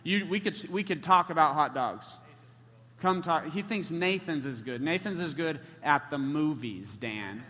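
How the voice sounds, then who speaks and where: Preacher, male, higher bright voice, lively and joking with the crowd, heard in a hall. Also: a little slow. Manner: animated, joking with the congregation. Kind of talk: sermon storytelling. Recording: long hall reverb.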